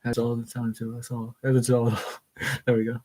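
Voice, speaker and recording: Husky-voiced man reading aloud casually. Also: medium pitch, completely flat delivery, normal speed, warm tone, poor audio. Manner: chatty, laughing, stumbling over words while reading.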